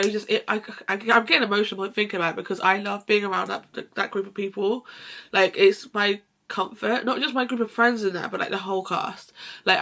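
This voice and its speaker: Chatty young woman vlogger, gravelly edge. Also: mid-range voice, a bit bright. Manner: rambling, many restarts and "like"s. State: sneezing, slightly emotional. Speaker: lifestyle vlogger. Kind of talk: casual chat to camera.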